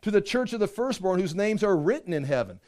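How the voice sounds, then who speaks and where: A man preaching a sermon, animated, acting out quick voices and asides as he reads and explains scripture. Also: high-pitched. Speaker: pastor.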